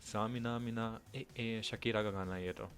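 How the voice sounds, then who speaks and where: A man's voice: on the low side, steady tone, rapid-fire, music in the background. A man giving casual reaction commentary, thinking aloud and mixing English with Hindi as he explains lines. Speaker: reaction video host.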